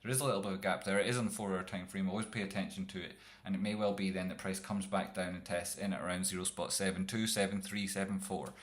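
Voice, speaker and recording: A man's voice: low-pitched, steady tone, fast talker, few pauses. A man streaming live chart analysis, rambling and jokey with some profanity. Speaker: trading streamer.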